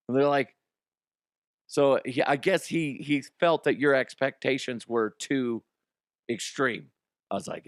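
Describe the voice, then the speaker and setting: A man's voice: medium pitch, no room sound, clean studio sound. A man hosting a show, telling a story in a blunt, profane, casual way. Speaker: show host, former radio producer.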